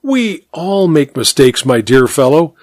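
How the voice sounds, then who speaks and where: A man voicing a genial, easygoing gentleman who talks in a breezy, reassuring way. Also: on the high side, very animated, unhurried, dry recording, clean studio sound.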